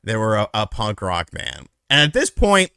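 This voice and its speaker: A man's voice: lowish voice, wildly swooping pitch, normal speed, creaky, bright, forceful tone, clean tone, no room sound, clean studio sound. A man in his thirties telling a story in a casual, rambling, profane way.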